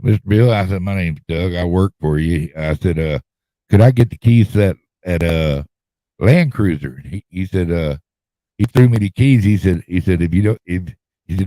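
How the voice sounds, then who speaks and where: Telling a long story in a folksy drawl, this middle-aged podcast host rambles and repeats himself in casual conversation. He speaks at normal speed in a low, mellow voice. The recording is dry.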